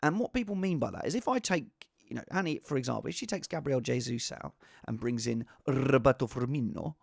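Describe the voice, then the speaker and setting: A man giving casual, rambling fantasy football advice in an excitable, self-deprecating way. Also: medium pitch, fast talker, vocal fry, dry recording, studio quality.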